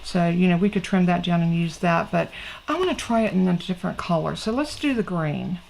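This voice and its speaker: A woman's voice: on the low side, brisk, creaky, darkish tone, a little hiss or hum, rough recording. A middle-aged woman, hosting a casual craft tutorial in a chatty, folksy way and talking straight to her viewers. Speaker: crafting channel host.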